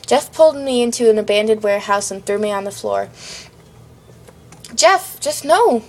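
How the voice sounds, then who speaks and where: A woman's voice: mid-range voice, quick pace, a little mellow. A woman reading a fan-written story aloud, hurrying through it with small stumbles. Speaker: fan fiction reader.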